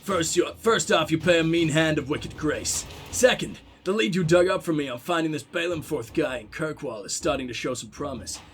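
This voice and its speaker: A man voicing a sly, worldly male writer, reading a letter in a low, laid-back way. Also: lively intonation, moderate pace, few pauses, a bit bright, soft background music. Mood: wry.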